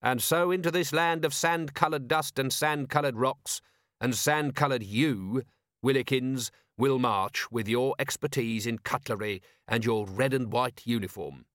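A man's voice: medium pitch, measured pace, a bit bright, no echo, lightly acted. A man voicing a tired, sarcastic middle-aged police commander in an audiobook. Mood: dry sardonic. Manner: dry, sarcastic.

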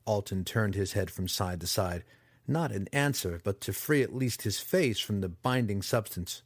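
A man narrating a fantasy audiobook in an expressive, dramatic storytelling style on a close mic. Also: on the low side, normal speed, no echo.

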